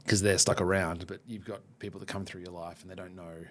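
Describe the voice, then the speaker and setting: A podcast host speaks in a low, level, fairly bright voice. His talk is open and reflective, and he frequently breaks off and restarts his thoughts.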